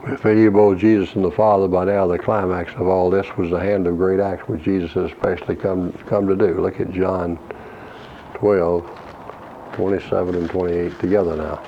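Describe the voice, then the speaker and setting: A man preaching an expository Bible lesson, reading verses slowly and explaining Greek words in a measured way. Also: low voice, flat delivery. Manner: slow, measured reading of scripture with Greek word study. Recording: dull lo-fi recording with faint hiss.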